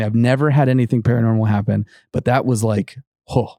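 A man's voice: mid-range voice, quick pace, warm tone, no room sound, studio quality. A man telling a ghost story to his co-hosts in a casual, rambling way, full of fillers and restarts, acting out what people said.

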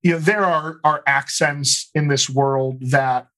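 A man who works as a dialect coach and actor, answering interview questions in a thoughtful, explanatory way, often pausing on "you know" and restarting phrases. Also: fairly high pitch, fairly even intonation, pushed and bright.

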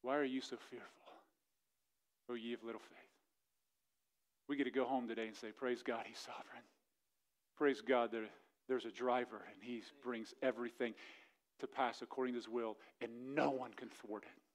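A young adult man preaching a sermon as a pastor, building to loud impassioned passages and then easing into a soft prayerful close. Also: medium pitch, fairly even intonation, moderate pace, pauses often.

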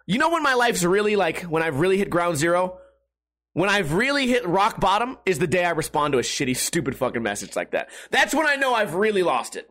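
High, animated, profane podcast guy. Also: brisk. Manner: excitable, profane, rambling with restarts. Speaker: podcast host. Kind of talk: casual comedic podcast monologue.

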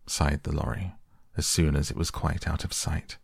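A man reading a bedtime story slowly and softly, with a husky voice. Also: very deep voice, flat delivery, no room sound, clean studio sound. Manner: slow, soft, sleepy. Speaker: narrator.

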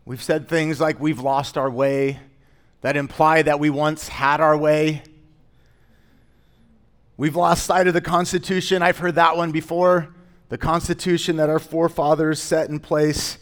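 A man's voice: on the high side, little pitch movement, measured pace, fairly bright tone. A man pastor preaching a sermon in a conversational way, with joking asides that rise into emphatic declarations.

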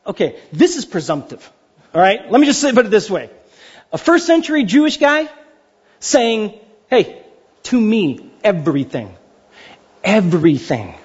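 A man's voice: extremely high pitch, big pitch swings, moderate pace, slightly rough, highs cut off. A man preaching a sermon as pastor, in a conversational, jokey way with playful acted quotes.

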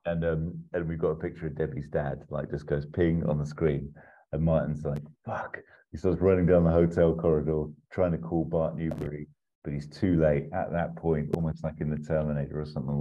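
A man casually talking through an imagined film plot as a podcast host, rambling with lots of ums and asides. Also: a bass voice. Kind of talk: casual chat. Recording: dull, muffled audio.

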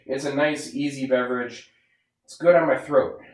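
A man's voice: mid-range voice, fairly even intonation, moderate pace, a little mellow, distant mic. Man, casual rambling chat, self-correcting, roomy sound, mic set back. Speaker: podcast co-host.

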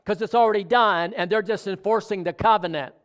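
A man's voice: sits high, brisk, fairly bright tone, clean tone. A man preaching a sermon in a conversational way, often asking the congregation questions. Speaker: pastor.

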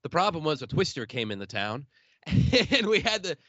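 A man's voice: on the high side, sing-song, moderate pace, fairly bright tone, dry recording, highs cut off. A young man from Illinois hosting an uncensored podcast, telling stories with lots of swearing and laughter. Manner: profane, laughing storyteller. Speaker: podcast host. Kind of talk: uncensored casual chat.

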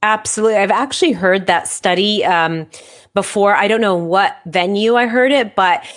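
Excited woman host on a video call, rushes through bits, keeps restarting. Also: mid-range voice. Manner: enthusiastic, talks in quick bursts with restarts. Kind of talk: casual video interview.

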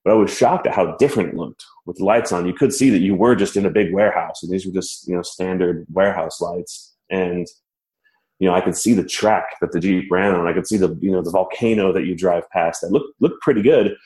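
A man telling a personal story in casual talk, animated and self-mocking, laughing as he goes. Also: low-pitched, fairly quick. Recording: roomy echo.

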